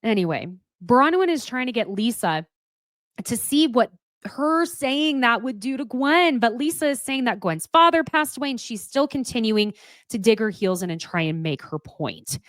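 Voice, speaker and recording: A woman giving a casual, opinionated recap of a reality show, candid and quick to swear. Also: fairly high pitch, sing-song, dry recording.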